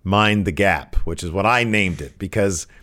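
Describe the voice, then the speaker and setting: A man co-hosting a podcast, recapping wrestling in an animated, jokey way. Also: low voice, normal speed. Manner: animated, jokey, puts on mock voices. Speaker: podcast co-host. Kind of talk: casual wrestling recap chat.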